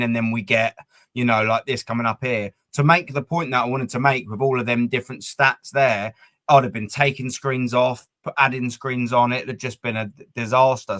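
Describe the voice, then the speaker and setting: A man hosts a loose livestream chat, rambling from point to point with plenty of swearing. His voice sits at an ordinary middle pitch. The sound is close and dead, with no room around it. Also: no echo. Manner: rambling, animated, swears freely. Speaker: podcast host. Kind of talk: casual fan chat on a livestream.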